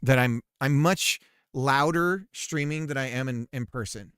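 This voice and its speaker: A man streaming his game development, chatting in a rambling, jokey way and switching between loud projection and a softer normal voice. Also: medium pitch, a little slow, smooth, no echo, clean studio sound. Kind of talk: casual live-stream chat while coding.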